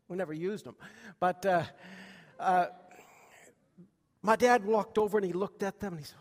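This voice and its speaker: A man's voice: high voice, moderate pace, long pauses, big-room sound. A man preaching a sermon to a congregation, telling childhood stories in a folksy way with many fillers and questions to the room. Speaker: pastor.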